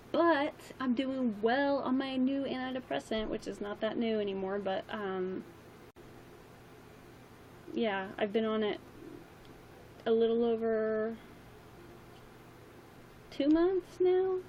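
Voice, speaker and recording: A woman's voice: fairly high pitch, a little mellow, a little hiss or hum, poor audio. A young woman chatting casually on a livestream, rambling with lots of ums and likes, her voice a little worn. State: slightly losing her voice.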